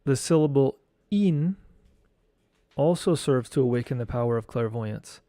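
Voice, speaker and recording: A man teaching esoteric studies, reading a lecture text aloud in a slow, measured way and chanting mantra syllables. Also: medium pitch, lively intonation, warm tone, no room sound, clean studio sound.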